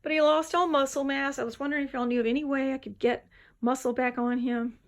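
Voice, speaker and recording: A woman's voice: sits high, fairly even intonation, quick pace. A tired woman, just up from a nap, rambling chattily at home in a casual vlog. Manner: rambling, chatty, drifts between topics. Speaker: vlogger. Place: home, indoors.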